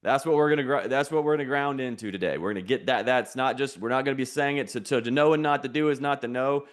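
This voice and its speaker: A man's voice: mid-range voice, fast. A man hosting an online challenge, teaching in a preachy, repetitive way with call-and-response lines. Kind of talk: motivational teaching.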